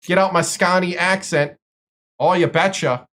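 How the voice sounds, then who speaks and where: A man's voice: sits high, steady tone, a little slow, fairly bright tone. A man putting on a chipper Wisconsin voice. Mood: cheery. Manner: sing-song exclamations.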